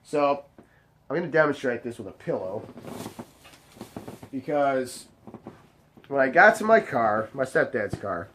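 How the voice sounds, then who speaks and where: A man hosting a storytelling vlog, animated and full of swearing. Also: medium pitch, unhurried, pauses often, slight background noise. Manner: profane, animated, mock-weary. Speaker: host.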